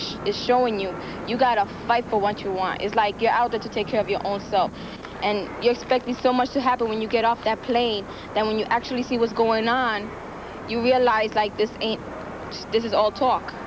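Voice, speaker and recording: A woman's voice: on the high side, noisy background. A woman speaking frankly and emphatically in a documentary interview.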